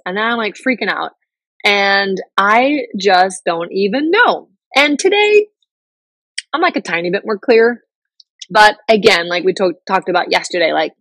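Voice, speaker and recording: A woman's voice: medium pitch, fairly bright tone, no echo, poor audio. A middle-aged woman hosting a podcast, talking openly and casually about her life, full of fillers and restarts. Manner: candid, chatty, many fillers and restarts. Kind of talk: casual personal talk.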